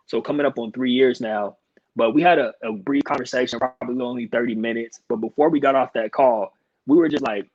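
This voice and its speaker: A man hosts an interview over a video call and speaks to his guest in an encouraging, thoughtful way. His voice sits at a middle pitch, and the audio is dry and a little dull. He keeps a relaxed, conversational pace. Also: a little fast, husky, dry recording. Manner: warm, affirming, thoughtful interviewer. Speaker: podcast host. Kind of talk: casual interview.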